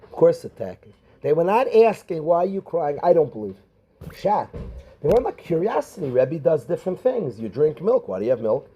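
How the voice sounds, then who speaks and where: A middle-aged rabbi, teaching a class of students and calling on them by name with questions. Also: male voice, on the high side, sing-song, normal speed, mellow, slightly rough, dull audio. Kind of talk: Torah class.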